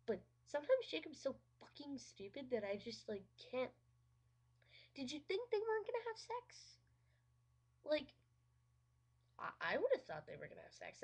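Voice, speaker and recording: A woman giving a casual, sarcastic movie review, swearing freely and saying "like" constantly. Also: on the high side. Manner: sarcastic and profane, heavy use of "like".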